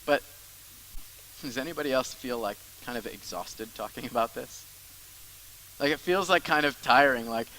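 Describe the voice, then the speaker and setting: A man's voice: a little high, expressive, brisk, pushed and bright, a little hiss or hum, rough recording. A man preaching a sermon as the church's pastor, in a conversational style with asides and repeated phrases.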